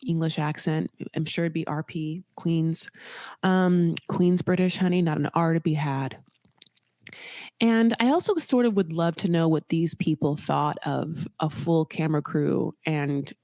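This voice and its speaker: A woman's voice: fairly low pitch, a little mellow, no room sound, studio quality. A woman hosting a podcast, recapping a reality show in a chatty, campy way and calling the listener honey. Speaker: podcast host. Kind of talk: casual solo recap commentary.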